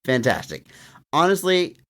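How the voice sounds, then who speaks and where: A man co-hosting a film podcast, chatting casually with dry jokes and drawn-out emphasis. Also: on the high side, very animated, a bit bright. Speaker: podcast co-host. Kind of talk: casual film review chat.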